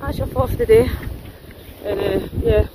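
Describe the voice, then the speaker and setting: A woman's voice: on the high side, moderate pace, very noisy. A woman vlogging casually while out walking her dogs, chatty and self-mocking, laughing often, recorded on a phone outdoors. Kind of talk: casual outdoor vlog chat. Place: windy open hillside outdoors.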